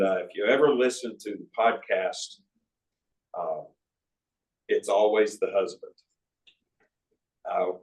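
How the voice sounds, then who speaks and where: A man's voice: low-pitched, darkish tone. A man in his sixties, an author, telling folksy stories with asides to a live audience in an arts center auditorium. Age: 60s. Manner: folksy anecdotal storytelling with asides. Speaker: author at a book talk. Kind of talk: storytelling talk to an audience. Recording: roomy hall audio from a distance.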